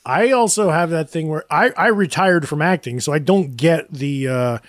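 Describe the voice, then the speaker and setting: Man, podcast co-host, casual chat, self-deprecating, laughing while talking, fairly high voice, dry close sound. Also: moderate pace, dry recording. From Greek heritage.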